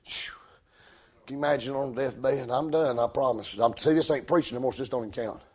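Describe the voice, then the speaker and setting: A man preaching a sermon in a folksy way, dropping to a hush and rising to shouts. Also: medium pitch, fast talker, slightly rough. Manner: folksy, swings from hushed to shouting.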